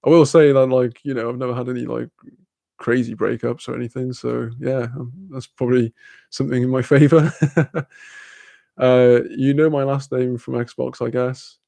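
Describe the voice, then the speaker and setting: A young man chatting casually on a live stream, laughing often and filling pauses with ums. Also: mid-range voice, flat delivery, vocal fry, warm tone, no room sound.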